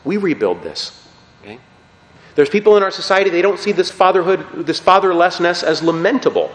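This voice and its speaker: A man preaching a sermon with emphatic, animated delivery, often checking in with his listeners. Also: sits high, a little fast. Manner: animated, emphatic, frequent "okay?" check-ins. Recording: roomy hall with long reverb.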